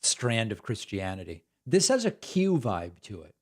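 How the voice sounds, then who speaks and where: A man's voice: on the low side, big pitch swings, unhurried, soft background music. A man hosting a political commentary stream, talking casually in a sardonic, mocking way.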